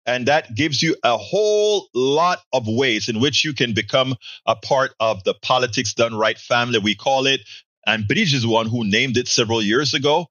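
A man's voice: mid-range voice, moderate pace, fairly bright tone, no echo. A man hosting a political talk show, chatty and upbeat as he reads viewer comments. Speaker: host.

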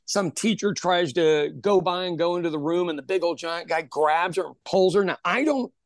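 A man who owns a pub, telling an animated story in casual chat, acting out what people said and swearing freely. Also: high voice, moderate pace, dry recording, clean studio sound. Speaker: podcast host telling a story; pub owner.

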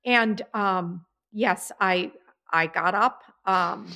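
Woman, mother of the bride, bright forceful voice, emotional storyteller, chatty. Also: mid-range voice, drawn-out words. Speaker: podcast co-host, mother of the bride. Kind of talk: casual chat. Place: apartment.

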